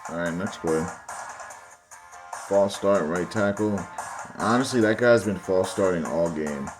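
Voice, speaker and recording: Deep-voiced man ranting about plays. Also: a little slow, music in the background. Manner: exasperated ranting, keeps addressing viewers as guys and bro. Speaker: football commentary channel host. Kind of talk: casual video commentary over game footage.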